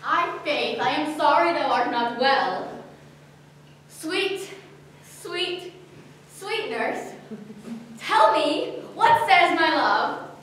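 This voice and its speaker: A woman acting out an impatient young girl in love, pleading in a high voice with an unhurried pace. She is heard from far off in a big, echoing hall. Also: animated, a bit bright, full character voice. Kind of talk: live Shakespeare stage acting. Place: arts center hall, recorded from the audience. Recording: distant, echoey hall, faint hiss.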